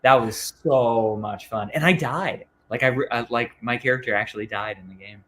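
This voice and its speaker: A man's voice: medium pitch, normal speed, fairly bright tone, slight background noise. A man being interviewed as a comic book writer, talking casually and hesitantly with many ums and restarts.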